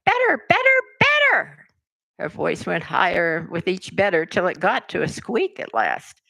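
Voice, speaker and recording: An older woman reading a children's story aloud, narrating in an expressive, measured way. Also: lowish voice, vocal fry, no room sound. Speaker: resident reader.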